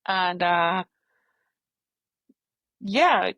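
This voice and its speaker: A woman's voice: lowish voice, expressive, extremely slow, a bit bright, no echo, dull audio. A woman talks through her personal story in a candid podcast conversation. She halts and searches for words, but stays earnest throughout. The sound is dry, with no room around her voice. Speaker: podcast guest, holistic healer.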